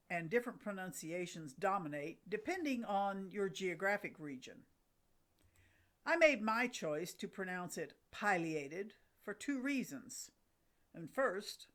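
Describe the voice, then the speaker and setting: Woman host, middle-aged, unhurried and enthusiastic, scripted nature narration. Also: on the low side, fairly bright tone. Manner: enthusiastic, with a light laugh. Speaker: host of a bird watching channel.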